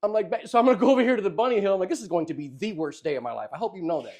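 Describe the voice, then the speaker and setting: Animated young man telling a story. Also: sits high, rapid-fire. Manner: animated, laughing, acts out voices. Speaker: podcast host telling a story. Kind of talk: casual storytelling.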